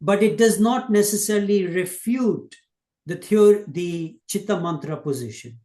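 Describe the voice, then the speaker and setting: A man's voice: high voice, measured pace, warm tone, echoey room. A man asking a question in a class discussion, hesitant and full of fillers and broken-off words. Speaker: student.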